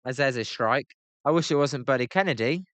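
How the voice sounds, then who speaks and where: A man's voice: medium pitch, animated, a little fast, fairly bright tone, dry recording. British man grumbling through play-by-play. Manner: chatty, answers chat by name, grumbling. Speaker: live-stream host. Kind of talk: casual live play-by-play reaction.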